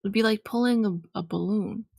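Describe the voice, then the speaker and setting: A woman playing a tabletop game in character, enthusiastic and quick to agree. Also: medium pitch, gravelly, mellow, slightly rough.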